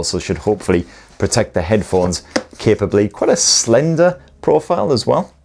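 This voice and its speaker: A man's voice: sits low, darkish tone. A man with a British accent presenting a scripted headphone review in a wry, jokey manner with plenty of slang. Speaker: tech reviewer.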